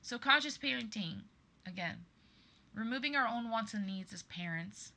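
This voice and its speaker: A woman with a bright, forceful tone gives an earnest monologue to her listeners. She speaks with emphasis and keeps calling them "you guys." She sounds like a podcast host in her thirties. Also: on the high side, expressive, normal speed.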